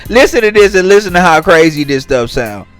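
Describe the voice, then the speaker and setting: A man's voice: high voice, animated, fairly quick, fairly bright tone. Aave guy doing a commentary vlog, talks right at the viewers, reads posts out and clowns them, light music under it. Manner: talks straight to viewers, reads tweets aloud and mocks them. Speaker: commentary channel host.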